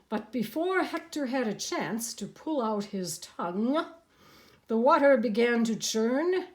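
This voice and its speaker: A woman narrating a picture book aloud with an expressive, animated delivery. Her voice sits fairly high and swings widely through each line, and she takes her time. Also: measured pace. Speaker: storybook narrator.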